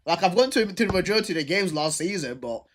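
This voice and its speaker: A man's voice: high voice, lively intonation, fast, a bit bright, slight background noise. A young man hosting a casual football livestream, ranting animatedly and stubbornly, repeating himself. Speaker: livestream football show host.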